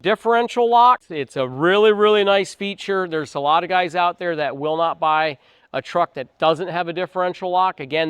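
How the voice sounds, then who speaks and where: A middle-aged man with a fairly high voice talks as a truck dealer, earnest and emphatic, slipping into folksy stories to make his point. The sound is dry and close, with no room echo. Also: a bit bright, clear, resonant tone. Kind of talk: sales advice talk to camera.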